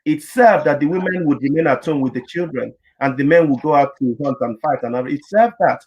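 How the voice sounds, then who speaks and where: Earnest man with a fairly high voice. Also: brisk, darkish tone, breathy edge, highs cut off. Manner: earnest, explanatory, repeats words as he builds a point. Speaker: panelist and therapist. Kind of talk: panel discussion.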